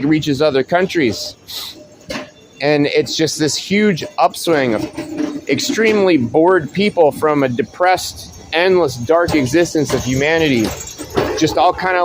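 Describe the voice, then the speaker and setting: A man's voice: a little high, noisy background. A man hosting a casual monologue, rambling and profane with frequent restarts. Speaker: host.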